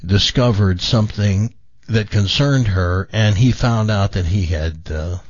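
A man's voice: on the low side, measured pace, no room sound, dull audio. A male radio talk show host chatting on air in a reflective, rambling way, full of restarts. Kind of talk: casual on-air chat.

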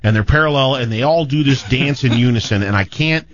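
A man's voice: medium pitch, brisk, no echo. A man hosting a casual radio talk show, rambling and repeating words as he talks. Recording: dull lo-fi audio.

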